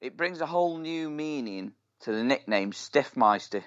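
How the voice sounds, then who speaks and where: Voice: medium pitch, lively intonation, normal speed, clean tone. A podcast co-host in casual chat, teasing and jokey, drawing words out. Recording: dull lo-fi mic.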